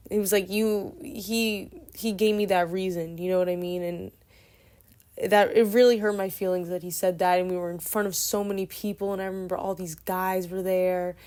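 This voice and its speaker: Twenties woman, kinda low voice, soft and meandering, just chatting out a story. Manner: meandering, soft-spoken, with many restarts. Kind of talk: casual storytelling.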